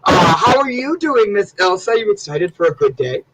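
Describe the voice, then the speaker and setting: A young man hosting a morning talk show, loud and teasing, prone to sudden high-pitched yelling. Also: big pitch swings, normal speed, heavy background noise. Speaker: host.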